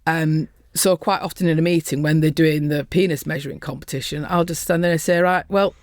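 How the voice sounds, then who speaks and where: A middle-aged woman with a softened Lancashire accent, talking bluntly and earthily as a guest in a casual interview. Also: sits low, fairly even intonation, fairly quick, dry recording, clean studio sound. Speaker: podcast guest, construction safety professional.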